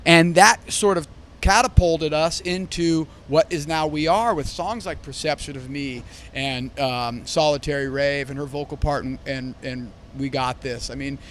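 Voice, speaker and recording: A man, a bass player, talking in a casual backstage interview, enthusiastic and rambling with restarts. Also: measured pace, slight background noise. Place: backstage at a concert venue.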